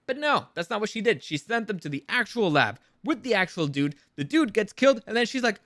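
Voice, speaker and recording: A man's voice: high-pitched, very animated, fairly quick, few pauses, sharp tone, dry recording, studio quality. A man ranting through a review vlog, exasperated and sarcastic, swearing freely.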